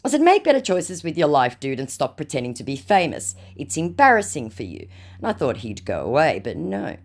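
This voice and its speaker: Lively, sarcastic woman telling a story. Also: sits low, brisk. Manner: sarcastic and mocking. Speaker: vlogger recounting scam chats. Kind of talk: storytime narration reading out chat messages.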